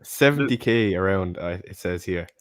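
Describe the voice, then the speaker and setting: Laid-back Irish man, low voice. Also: expressive, normal speed, no echo, studio quality. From Ireland. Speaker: co-host. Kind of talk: casual live stream chat.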